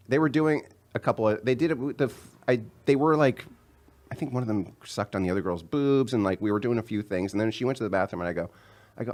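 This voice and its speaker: Animated man telling a wild story. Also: quick pace. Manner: animated storyteller, acts out quotes in a higher voice. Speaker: comedian guest. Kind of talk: casual storytelling chat.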